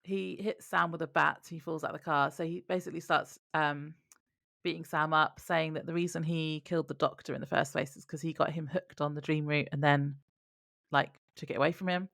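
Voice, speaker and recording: Deep, gravelly-voiced woman chatting. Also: fairly even intonation, brisk, a bit bright, dry recording, studio quality. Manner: loose, hesitant phrasing with fillers and self-corrections. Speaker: podcast co-host. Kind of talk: casual chat.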